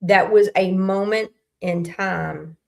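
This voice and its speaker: A woman's voice: mid-range voice, steady tone, slow pace, creaky, darkish tone. A middle-aged woman, hosting a casual faith talk in a folksy, candid storytelling way. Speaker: host.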